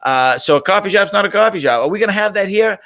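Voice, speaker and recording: Bright-voiced chatty middle-aged man. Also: high voice, expressive, fast. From Boston, USA. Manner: chatty, reads out viewer questions and rambles into stories. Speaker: host of a live Q&A stream. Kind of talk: casual live-stream chat.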